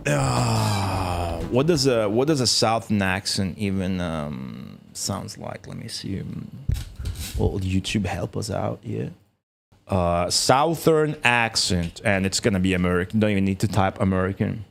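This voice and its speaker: A man, rambling and swearing through live gameplay stream chatter, laughing often and jumping into high exclamations. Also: unhurried, creaky, slight background noise. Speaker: game streamer. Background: game music.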